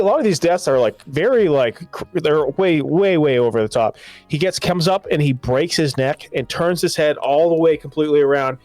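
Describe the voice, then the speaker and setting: A man co-hosting a casual podcast, retelling a movie in an animated, rambling way. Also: a little high, moderate pace, no room sound. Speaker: podcast co-host. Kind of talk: casual movie review chat.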